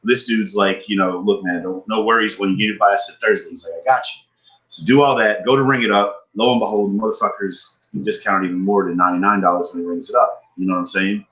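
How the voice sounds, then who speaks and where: A man's voice: deep voice, fast, hardly any pauses, poor audio. A man, podcast co-host, telling a story in casual chat, swearing often and ranting with frustration. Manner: profane, animated, frustrated ranting.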